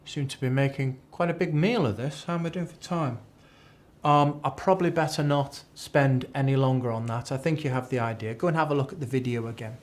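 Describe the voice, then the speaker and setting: A man's voice: medium pitch, brisk. A man teaching an accounting exam class, chatty and repeating key phrases as a drill. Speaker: accounting tutor. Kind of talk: live exam tuition lecture.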